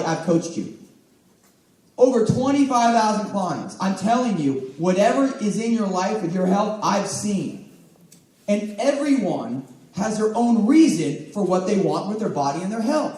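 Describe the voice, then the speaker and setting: Energetic man coaching a live room. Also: sits high. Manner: energetic, emphatic, calls on audience members. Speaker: health coach speaking to a live audience. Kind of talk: motivational talk. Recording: echoey room, mic at a distance.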